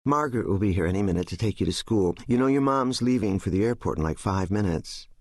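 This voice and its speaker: A man voicing a busy mother who answers briskly and brushes off worries. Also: lowish voice, lively intonation, dry recording, clean studio sound. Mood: brushing off. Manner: brisk, dismissive reassurance.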